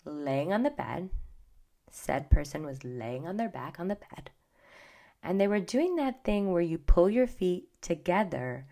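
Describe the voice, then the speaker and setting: With a lowish, mellow voice that swings widely in pitch, a middle-aged woman unhurriedly hosts a podcast. She gossips casually about pop culture and often lapses into whispers.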